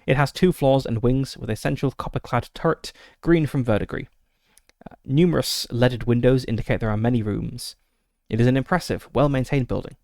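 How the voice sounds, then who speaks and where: A man's voice: mid-range voice, a little fast, vocal fry, darkish tone, no echo, clean studio sound. A man streaming a solo tabletop game, reading the gamebook aloud with frequent fillers and short asides.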